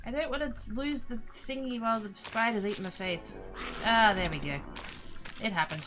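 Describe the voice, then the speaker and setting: A woman's voice: fairly high pitch, normal speed. An Australian woman in her young adult years, chatting casually with viewers while playing, muttering and swearing at the game. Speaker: streamer. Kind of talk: casual gaming livestream chat. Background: game music.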